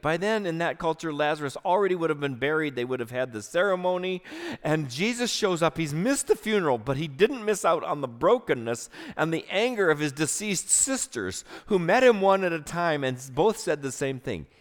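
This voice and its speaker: A man preaching a sermon, telling stories earnestly, moving between loud and hushed delivery. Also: a little high. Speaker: pastor. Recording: long hall reverb.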